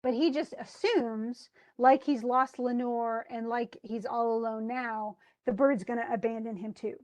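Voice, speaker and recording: A woman's voice: fairly high pitch, steady tone, a little slow, a little mellow. A woman teaching a literature class, explaining a poem in a chatty way with frequent restarts. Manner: chatty, restarts often, paraphrases casually. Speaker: English literature instructor.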